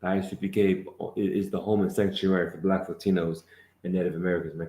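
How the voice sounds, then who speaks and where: A fiery preacher with a very deep voice drives his points home with emphasis, tagging his lines with "man." He is heard in an echoey room. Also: level tone, quick pace, mellow. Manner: emphatic, calls out prompts, tags lines with "man". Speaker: lead teacher of the class. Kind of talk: fiery street-preaching sermon.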